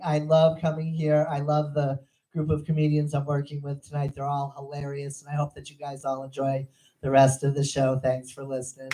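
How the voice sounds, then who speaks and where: A woman's voice: deep voice, darkish tone, a little hiss or hum, rough recording. A middle-aged woman performing a crude, profane stand-up routine on a comedy club stage. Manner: crude, profane, brash storytelling.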